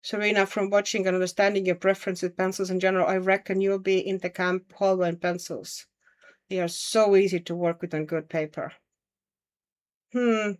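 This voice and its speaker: A woman's voice: mid-range voice, fairly even intonation, normal speed. A woman hosting a casual livestream, chatting and thinking aloud as she paints and answers viewer comments. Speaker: livestream host.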